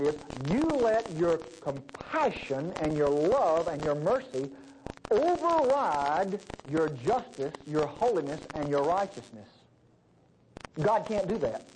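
A man's voice: high-pitched, a little hiss or hum, poor audio. A man preaching a sermon, acting out voices in his stories. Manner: folksy, animated, acts out voices in stories.

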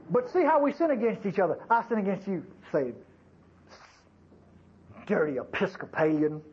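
A man's voice: sits high, big pitch swings, measured pace, pauses often, breathy edge, highs cut off, some chatter behind. A man preaching a sermon to his congregation in a folksy, conversational way, with frequent asides to the listeners. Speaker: pastor.

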